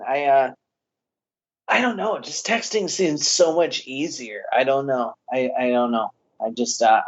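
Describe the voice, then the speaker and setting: Rambling man on a lo-fi podcast. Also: medium pitch. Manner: rambling, hesitant, lots of restarts. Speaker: podcast co-host. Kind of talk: casual comedy podcast banter.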